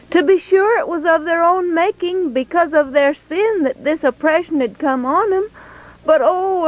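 A woman telling a Bible story in an expressive, folksy way. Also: high-pitched, low-quality recording.

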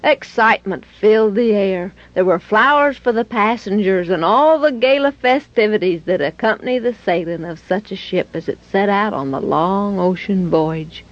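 A woman narrating a children's story in a lively, expressive way. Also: mid-range voice, moderate pace, hardly any pauses. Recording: dull, dry lo-fi recording.

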